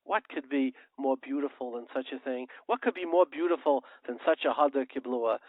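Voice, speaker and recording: A man's voice: mid-range voice, expressive, a little fast, no echo. A male radio show host giving an impassioned, preachy monologue, firing off rhetorical questions and telling parables. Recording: tinny phone-like line, dry.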